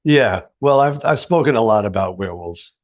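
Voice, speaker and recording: A man's voice: on the low side, lively intonation, moderate pace. An older man, a guitarist guest, telling anecdotes in an interview, acting out quoted dialogue and laughing often. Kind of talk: storytelling interview.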